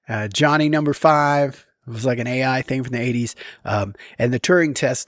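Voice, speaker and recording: A man's voice: mid-range voice, no echo, studio quality. A man talking casually to camera in a rambling way, with many ums and restarts and frequent chuckles. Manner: chuckles often while talking. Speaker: vlogger.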